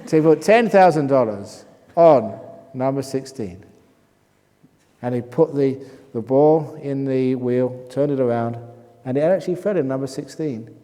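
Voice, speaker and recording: A Buddhist monk from England answers questions at a retreat, spinning humorous anecdotes as he teaches. His voice is mellow and mid-pitched. A long hall reverb hangs behind every word. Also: unhurried. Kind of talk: Q&A talk at a retreat. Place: meditation hall.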